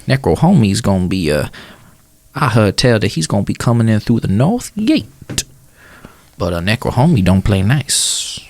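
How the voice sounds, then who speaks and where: A man voicing a folksy Southern informant, Pete Pan, in a put-on American Southern drawl with a gravelly voice. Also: lowish voice, sing-song, normal speed, a little mellow, dry recording. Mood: sly, conspiratorial.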